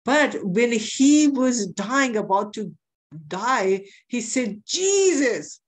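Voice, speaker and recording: A woman's voice: fairly high pitch, slow pace. A woman preaching a sermon, telling a testimony in an earnest way and repeating phrases for emphasis.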